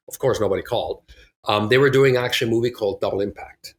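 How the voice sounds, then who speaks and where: A middle-aged man recounts his early career in a relaxed interview. He tells it animatedly, slipping into other people's lines as he goes, with an easy, casual delivery. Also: on the low side, quick pace. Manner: animated, acts out quotes from others, laughs often. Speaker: podcast guest, actor.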